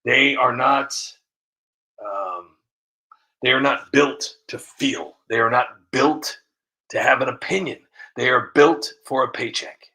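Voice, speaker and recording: A man's voice: mid-range voice, lively intonation, takes it slowly, pauses often, pushed and bright, poor audio. A man giving opinionated commentary to camera, rambling and repeating himself with frequent restarts. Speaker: video creator.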